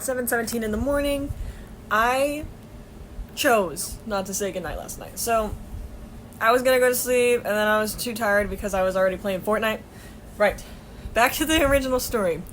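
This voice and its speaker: High-voiced young woman telling a rambling story. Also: a little hiss or hum. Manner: rambling, swears a lot, laughs often. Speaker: vlogger. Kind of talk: casual vlog storytelling.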